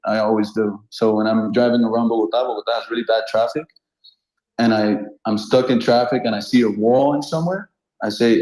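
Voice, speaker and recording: A man in his thirties from Colombia, a street artist telling funny anecdotes in a relaxed, animated way and laughing often. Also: on the low side, a little fast. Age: 30s. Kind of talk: casual storytelling. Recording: roomy echo.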